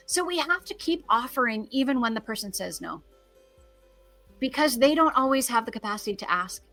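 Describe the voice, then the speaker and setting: A woman with a bright, slightly high voice talks about grief in an earnest, encouraging way. She speaks as a podcast guest giving practical advice. Soft music plays faintly behind her. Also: expressive, brisk. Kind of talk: conversational advice.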